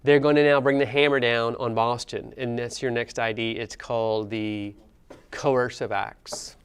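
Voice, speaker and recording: A man's voice: medium pitch, fairly even intonation, a little slow, clean tone. A man teaching a history class, talking conversationally and asking students questions as he goes. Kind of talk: classroom lecture.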